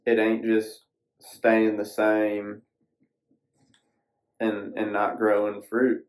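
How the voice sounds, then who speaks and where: A man's voice: on the low side, monotone, drawn-out words, low-quality recording. A man hosting a solo podcast, sitting alone at a screen, talking in a folksy, rambling way with casual swearing. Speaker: podcast host.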